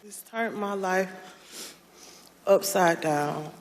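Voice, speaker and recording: A woman, a former election worker, giving emotional testimony, soft-spoken and halting, with many pauses and restarts, sounding distressed and close to tears. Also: on the low side, big-room sound.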